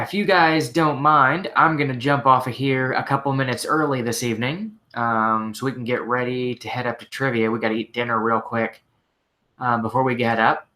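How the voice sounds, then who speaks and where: A male shop mechanic hosts a casual live-stream Q&A, answering viewer questions in a bright, medium-pitched voice. He's relaxed and rambling, filling his talk with "like" and "you know."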